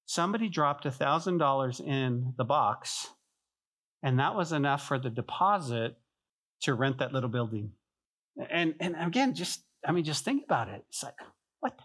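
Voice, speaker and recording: A man's voice: medium pitch, moderate pace. A man pastor preaching a sermon, telling stories and acting out voices, often repeating himself. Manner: animated storytelling, acts out voices, repeats phrases. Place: church sanctuary.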